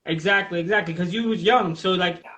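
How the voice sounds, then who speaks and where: Over a rough recording, a podcast host with a voice that sits high talks a little fast. His casual live show is full of blunt, profane, animated talk, and he keeps pulling people in with questions.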